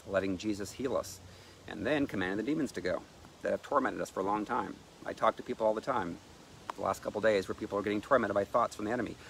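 A man's voice: lowish voice, vocal fry, fairly bright tone, slight background noise. A man preaching in an emphatic sermon style, reading scripture aloud and exhorting listeners.

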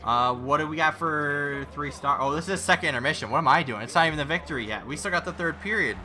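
A man giving casual commentary while playing a video game, reacting out loud and talking himself through each move. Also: on the high side, fast, a little hiss or hum. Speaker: gaming YouTuber.

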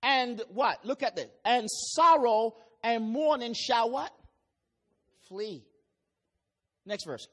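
A man with a Jamaican accent preaching a sermon, reading scripture slowly and deliberately and breaking into sudden loud calls. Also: extremely high pitch, expressive.

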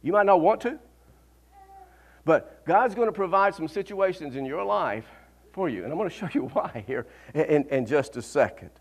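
A man preaching a sermon as a pastor, swinging between fervent peaks and quiet asides and often laughing as he talks. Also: a little high, expressive, moderate pace. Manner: laughs often mid-sentence.

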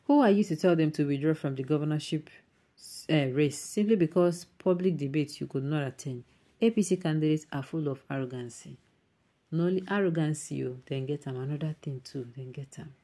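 A woman's voice: low-pitched, fairly quick, warm tone. A woman with a Nigerian accent hosting an online news show, reading viewer comments aloud and mixing in emphatic Pidgin asides.

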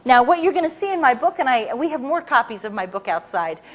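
A woman author giving a talk to a live audience, telling her story in an animated way with many restarts. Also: high voice, fast talker.

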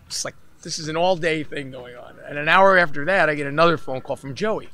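A bright, forceful man tells a long story in a casual interview, slipping into the voices of the people he talks about. His voice sits a little high for a man, and he tells it with quick energy. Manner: animated storyteller who acts out other people's voices. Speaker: musician guest. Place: festival interview setting.

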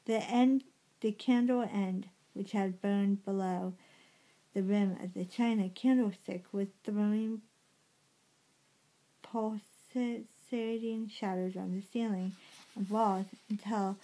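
A woman reading a story aloud in a halting way, often slipping and correcting herself. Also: mid-range voice, fairly even intonation, warm tone, rough recording. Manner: halting, with frequent slips and self-corrections. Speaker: reader.

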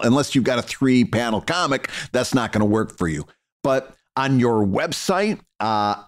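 Man, middle-aged, podcast co-host, lively ups and downs in pitch, halting repeated words. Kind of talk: casual podcast chat.

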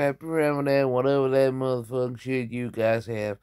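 A man's voice: medium pitch, flat delivery, moderate pace, a little mellow, clear, resonant tone, no room sound, clean studio sound. A tipsy man rambling and swearing through a casual comedy vlog. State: tipsy from drinking.

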